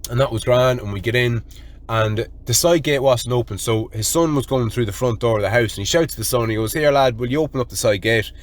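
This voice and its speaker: An Irish man hosting a solo podcast, telling a story in an animated, profane way and calling his listeners lads. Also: mid-range voice, brisk. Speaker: podcast host.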